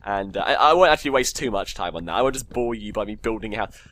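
A man's voice: lowish voice, lively intonation, fast, fairly bright tone. A man casually commentating his Minecraft game, joking, swearing and talking to himself. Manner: swears a lot, jokey, talks to himself. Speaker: gamer.

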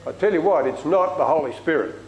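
A man's voice: on the high side, expressive, a little fast, a little mellow, reverberant, muffled recording. A man preaching a sermon in a chatty, storytelling way in a church.

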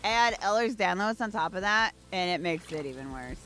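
A woman's voice: lowish voice, lively intonation, moderate pace, fairly bright tone. A woman streaming a game, chatting playfully and giggling as she talks to the characters on screen. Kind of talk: casual gameplay commentary. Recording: faint background music.

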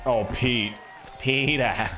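A young man streaming a baseball video game, reacting in excitable, slangy commentary that swings between loud hype and low muttering. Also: slow. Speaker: gaming streamer. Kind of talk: live gameplay commentary.

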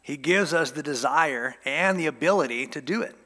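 Bright-voiced pastor in a reverberant hall. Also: male voice, fairly high pitch, normal speed. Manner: conversational, joking asides to the congregation. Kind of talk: casual sermon teaching. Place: church sanctuary.

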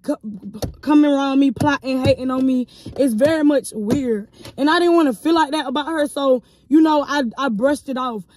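A young woman in her twenties telling a story to her viewers in a casual, animated and profane vlog style, calling them y'all. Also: high-pitched, moderate pace, slight background noise. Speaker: vlogger.

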